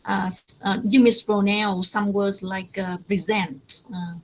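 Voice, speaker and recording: A woman's voice: mid-range voice, steady tone, a little slow, gravelly, few pauses, a little hiss or hum, poor audio. A woman teacher giving pronunciation feedback to students in an online class, speaking hesitantly with many fillers.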